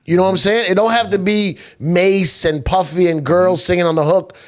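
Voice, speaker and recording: A man's voice: high voice, steady tone, normal speed. A man hosting a podcast, easygoing and slangy in casual chat. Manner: easygoing, laughs along, talks in slang. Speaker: podcast host.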